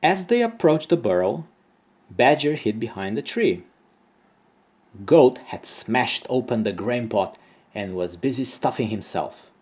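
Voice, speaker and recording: Expressive male storyteller, slow and lively. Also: medium pitch, slightly rough. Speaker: storyteller, teacher. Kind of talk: reading a children's story aloud.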